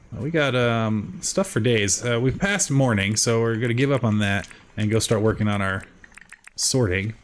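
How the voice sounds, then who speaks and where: A man in his thirties from South Jersey, with its accent, chatting casually while streaming a farming game and answering his chat in a rambling way. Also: slight background noise. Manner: chatty, rambling, lively with sudden high jumps. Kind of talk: casual gameplay chat with chat readers.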